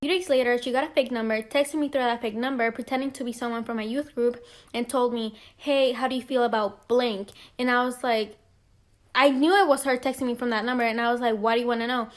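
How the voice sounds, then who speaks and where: A woman's voice: on the high side, quick pace. A woman telling a personal story casually, acting out the dialogue with animation. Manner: animated, acts out quoted dialogue.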